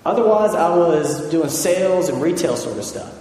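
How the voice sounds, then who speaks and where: A man's voice: fairly high pitch, lively intonation, normal speed, dark tone. A man in his thirties preaching a sermon as pastor, earnest and building through repeated lines. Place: church sanctuary. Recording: echoey church hall.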